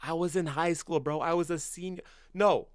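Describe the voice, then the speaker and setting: On the high side with a steady tone and moderate pace, the voice is recorded dry at studio quality. It's a twenty-something Canadian football-fan streamer who talks casually and bluntly with viewers, full of slang, "bro," and free swearing. He flares up loud and incredulous in bursts.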